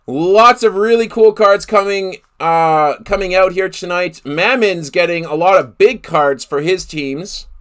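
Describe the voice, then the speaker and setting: A man hosts a live card break, calling out each player he pulls and exclaiming over the big hits. His high, fairly bright voice runs a little slow with few pauses.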